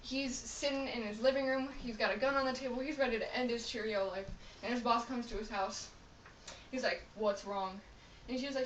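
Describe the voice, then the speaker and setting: A young woman with a slightly high voice tells a long, rambling joke in a chatty, meandering way. She is picked up from across an echoey room, with a faint hiss underneath. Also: fairly even intonation, a little fast, far from the mic, muffled recording. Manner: chatty, rambling storytelling with fillers and laughs. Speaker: joke teller. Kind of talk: telling a long joke to friends.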